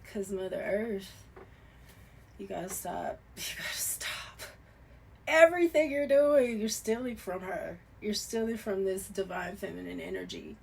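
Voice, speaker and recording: A woman giving a loose, conversational tarot reading, swearing casually and swinging from soft murmurs to loud, emphatic bursts. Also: medium pitch, vocal fry, a little hiss or hum. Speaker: tarot reader.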